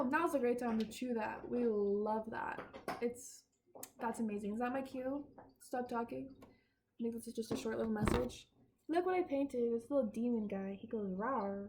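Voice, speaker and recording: A woman's voice: a little high, a little mellow, a little hiss or hum. A young woman vlogging outdoors in her backyard, rambling and giggling and often sidetracked, recorded on a phone. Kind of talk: casual chat.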